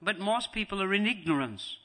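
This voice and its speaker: A man's voice: sits high, brisk. A man giving a devotional lecture as a spiritual teacher, repeating phrases for emphasis and acting out scenes. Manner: animated, acts out scenes.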